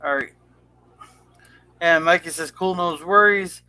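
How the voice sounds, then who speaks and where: A man co-hosting a casual chat, talking in a halting way and restarting his sentences. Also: a little high, sharp tone, smooth.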